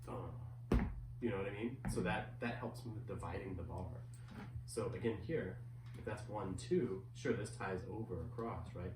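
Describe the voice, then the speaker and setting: Lage mannenstem die ritmes telt en zingt. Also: male voice, lowish voice, moderate pace, very noisy. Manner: counting and singing rhythms aloud, patient coaching. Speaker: music teacher. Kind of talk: one-on-one music lesson. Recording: roomy, distant mic with music.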